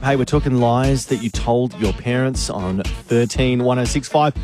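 A man's voice: mid-range voice, music in the background. An Australian man hosting a radio show, chatting and joking with callers. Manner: chatty, joking, quick laughs. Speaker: radio host. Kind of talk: casual radio banter. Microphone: studio mic.

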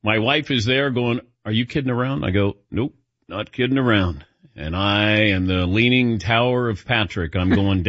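A man hosting a sports radio show, spinning a self-deprecating story with plenty of animation. His voice is a little husky and sits close and dry on the mic. The sound is slightly dull. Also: fairly low pitch, moderate pace, fairly bright tone, dry recording. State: lightheaded. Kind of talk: casual chat, storytelling.

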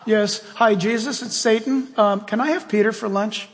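A man's voice: high voice, steady tone, moderate pace, in a large hall, a little hiss or hum. A man voicing a falsely polite devil who hesitantly asks for permission to harm someone. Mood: mock-polite. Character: falsely polite male devil asking for prey.

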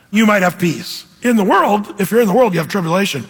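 A man preaching a sermon as pastor, lively and animated, acting out quoted voices. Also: high-pitched, brisk, few pauses, breathy edge. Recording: hall reverb.

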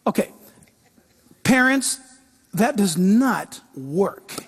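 A man's voice: sits high, lively intonation, a little slow, husky. A man giving a casual Bible teaching talk, emphatic and repetitive, often restarting his sentences.

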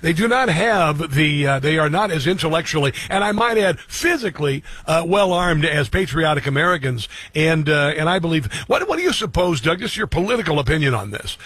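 A man hosting talk radio with a husky, fairly high voice. He talks with indignant force, breaking into loud exclamations. The studio sound is dry and close. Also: lively intonation, fairly quick, hardly any pauses, dry recording.

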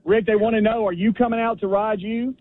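Guy, high voice, hosting a joking radio bit, sounds thin like over a phone. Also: fairly even intonation, a little fast, over a noisy crowd. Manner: joking, teasing, interviewer. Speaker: radio show host. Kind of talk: casual on-location chat. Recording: tinny phone-like radio broadcast.

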